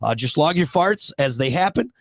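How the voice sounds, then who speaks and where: Playful joking man, lively voice. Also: a little high, vocal fry, dry recording, studio quality. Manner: jokey, playful, quick to goof around. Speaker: radio show co-host. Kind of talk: casual comedic banter.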